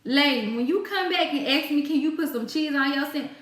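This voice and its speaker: A woman's voice: high-pitched, brisk, fairly bright tone. A woman telling a casual storytime about work, exasperated and ranting about difficult customers. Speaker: storytime vlogger. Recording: echoey room.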